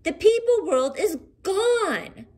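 Woman doing a high, excited little boy monster. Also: slow, full character voice. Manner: eager, breathless exclamations. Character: excitable young male monster.

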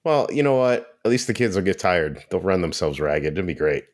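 Man, very low voice, lively intonation, wry teasing banter, podcast co-host, middle-aged. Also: moderate pace. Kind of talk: casual chat.

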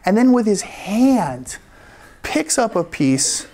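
A man, a rabbi, telling a personal story live at a story slam, animated and laughing often as he acts out the quoted lines. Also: high voice, slow pace. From United States. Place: event stage before an audience.

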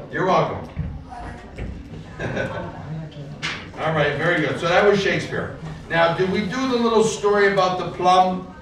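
A man teaching English literature to a class, repeating key words slowly and patiently for the learners. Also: high voice, crowd noise. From United States. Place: school classroom full of students. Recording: echoey classroom, far from the mic.

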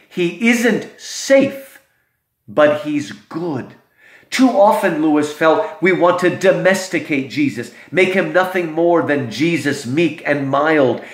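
A man giving a literature lecture, slow and expressive, with dramatic emphasis. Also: a little high. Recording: roomy echo.

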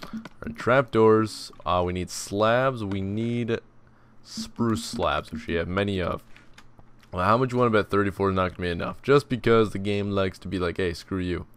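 A man's voice: fairly low pitch, moderate pace, smooth. A young man casually narrating his block-building game, rambling and self-deprecating, tired and yawning. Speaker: gaming channel host. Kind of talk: casual Let's Play commentary.

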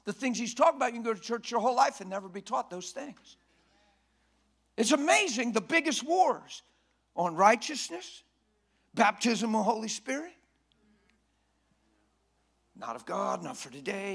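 A man preaching a sermon in a church, folksy and emphatic, often rising to a shout. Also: very high voice, very animated, a little slow, vocal fry, long pauses, slightly rough.

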